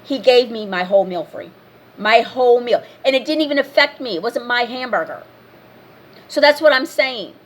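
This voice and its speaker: A woman with a slightly high voice delivers a casual rant to her camera. She is blunt and scolding and keeps repeating herself to drive each point home. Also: animated, moderate pace. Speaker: vlogger.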